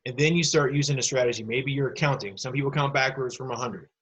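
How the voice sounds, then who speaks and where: A man with a slightly husky voice teaches a recorded lesson for students. His pitch sits in the middle for a man. He explains step by step and speaks straight to the kids into a computer mic. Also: fast, a bit bright, lo-fi sound. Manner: patient, explanatory, addresses kids directly.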